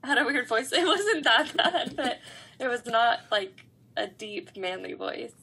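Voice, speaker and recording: A woman's voice: on the high side, animated, a little slow, bright, forceful tone, slightly rough. A woman co-hosting a podcast in casual chat, giggly and easygoing, with lots of "like" fillers. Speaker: podcast co-host.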